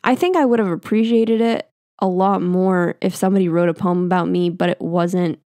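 A woman's voice: lowish voice, steady tone, normal speed, dark tone, no room sound, studio quality. A young woman hosting a podcast, telling a story in a chatty way with swearing and lots of fillers. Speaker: podcast host. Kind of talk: casual storytelling.

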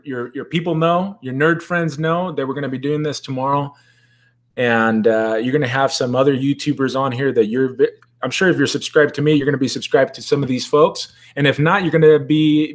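A man chatting casually on a live stream at his desk at home, joking and greeting viewers in the chat. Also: fairly high pitch. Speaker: toy collector hosting a live stream.

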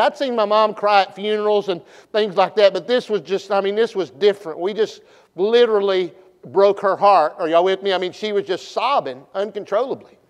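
A man preaching at a revival, telling a story in a folksy way and shifting from hushed to loud. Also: high voice, brisk. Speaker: pastor. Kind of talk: revival sermon. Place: church sanctuary. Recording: long church reverb.

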